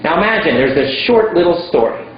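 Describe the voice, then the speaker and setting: A man teaching English in a slow, emphatic way, repeating simple words for learners. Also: a little high, very animated, a little hiss or hum. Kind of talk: slow teaching monologue to camera. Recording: very echoey room, dull lo-fi sound.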